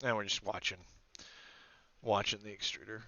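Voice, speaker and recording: A man's voice: lowish voice, little pitch movement, normal speed, creaky, sharp tone, dry recording, dull audio. A man hosting a casual maker livestream, rambling to his viewers and to himself as he sets up a 3D print. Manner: rambling, talks to the audience and to himself. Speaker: maker channel host.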